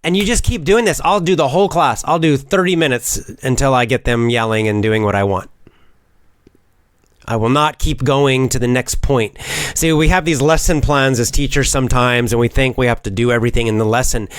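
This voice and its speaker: A middle-aged man, a teacher and public speaker, talking in a casual, animated way with many fillers and restarts. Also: medium pitch, normal speed, clean tone, no echo. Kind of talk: casual spoken monologue.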